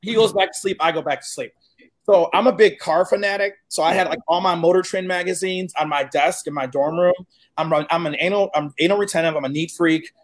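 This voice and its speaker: A man in his forties from Chicago, a guest telling a story in casual, animated chat, cursing freely and acting out what people said. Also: high voice, a little fast. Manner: animated, profane, acts out quoted dialogue.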